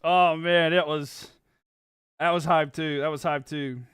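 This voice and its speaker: A young man with a high, bright voice whoops and hollers on a live stream. His voice has gone hoarse from yelling, and between the shouts he talks loosely to his chat. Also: fairly even intonation, a little slow. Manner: yells and hypes, then talks to chat casually. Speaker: streamer reacting to a football game. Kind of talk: excited live-stream reaction.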